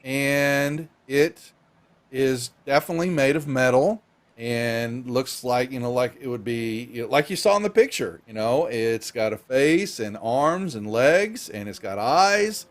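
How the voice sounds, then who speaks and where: Male DM, mid-pitched, halting live-stream game narration. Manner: halting, filler-heavy narration. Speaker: dungeon master.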